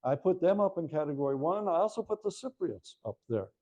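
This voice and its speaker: A man's voice: fairly high pitch, very animated, fairly quick, darkish tone, low-quality recording. An older man giving a lecture about his book to a live audience, telling stories with chatty asides to the listeners. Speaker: author giving a book talk.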